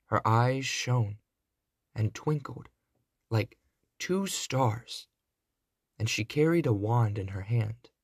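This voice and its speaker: A man reading a classic fairy tale aloud, in a deliberate storybook narration. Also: medium pitch, animated, slightly rough, no room sound, clean studio sound.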